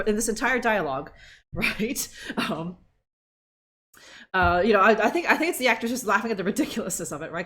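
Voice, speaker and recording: A woman's voice: on the high side, sharp tone. A woman streaming a video game, chatting casually, swearing, laughing and making sarcastic remarks.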